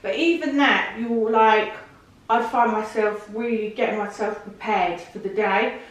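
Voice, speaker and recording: A woman, a podcast guest telling her story in casual chat, emotional and animated, with put-on voices for the people she quotes. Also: medium pitch, a little slow. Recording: echoey room from a distance.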